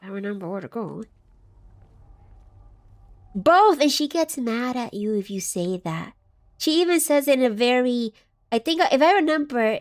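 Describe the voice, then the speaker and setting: A woman's voice: a little high, lively intonation, moderate pace. A woman streaming a game live, chatting casually and reading chat aloud, scattered and giggly as she loses her train of thought.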